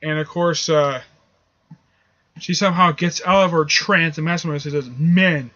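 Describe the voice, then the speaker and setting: High, bright-voiced man rambling about comics. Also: steady tone, normal speed. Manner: rambling, with many fillers and restarts. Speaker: comic book reviewer. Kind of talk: casual comic book review. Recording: dull lo-fi audio.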